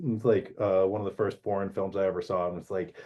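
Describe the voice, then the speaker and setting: A man's voice: low voice, flat delivery, quick pace, mellow, highs cut off. A man hosting an astrology talk show, rambling casually and often asking "right?". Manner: rambling, filler-heavy, keeps asking "right?". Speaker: astrology podcast host.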